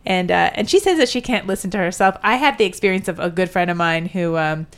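A woman's voice: lowish voice, fast. A woman co-hosting a podcast, telling a rambling story in casual chat. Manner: rambling, storytelling, laughs easily. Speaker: podcast co-host.

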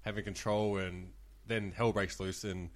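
A man's voice: deep voice, flat delivery, unhurried. A man with an Australian accent, a former croupier, telling stories in a laid-back, sweary way on a casual podcast. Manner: laid-back, swears a lot, laughs often. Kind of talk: casual storytelling chat.

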